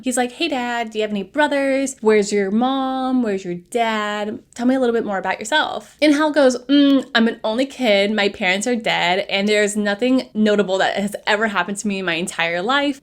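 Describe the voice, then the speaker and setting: Sarcastic woman recapping a horror movie. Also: mid-range voice. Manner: sarcastic, playful asides to viewers. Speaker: movie reviewer.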